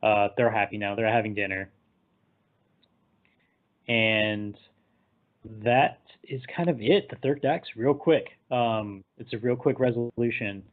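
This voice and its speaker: Animated man recapping a movie. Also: on the low side, measured pace, long pauses. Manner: animated, acts out characters in quotes, laughs often. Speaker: podcast co-host. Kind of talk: casual movie discussion. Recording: tinny phone-like line.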